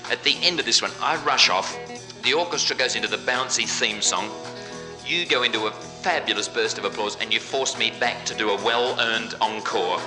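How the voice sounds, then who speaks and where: On a large live venue stage, a male entertainer with a mid-range voice and normal speed trades jokey patter between songs. He banters with his band and the audience as band music plays behind him.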